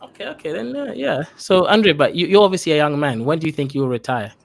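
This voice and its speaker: A man's voice: fairly high pitch, lively intonation, fast talker, creaky. A man with a Kenyan accent hosting a casual chat, playful and teasing, laughing often. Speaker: host.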